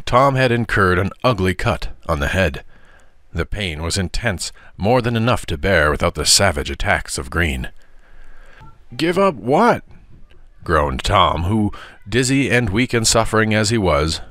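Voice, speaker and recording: Man, deep low voice, bright tone, measured expressive audiobook narration, dry close recording. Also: no room sound. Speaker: father reading aloud.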